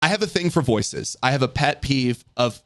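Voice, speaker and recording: Male host, casual earnest chat, lively intonation, dry close mic. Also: mid-range voice, normal speed, no room sound. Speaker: podcast host.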